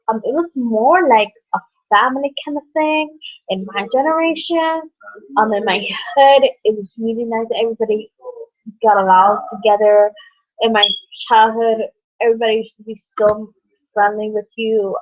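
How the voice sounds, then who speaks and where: A young woman vlogging about her life and her book in a halting, rambling way, full of fillers and restarts. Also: medium pitch. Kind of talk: rambling personal vlog. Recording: dull lo-fi audio.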